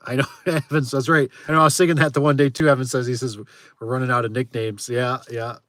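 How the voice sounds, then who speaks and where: A man's voice: medium pitch, fairly even intonation, a little fast, a bit bright, no room sound. Chatty man, dry close sound. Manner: chatty, laughs often, frequent exclamations. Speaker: garage door repair business owner. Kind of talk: casual livestream chat with viewers.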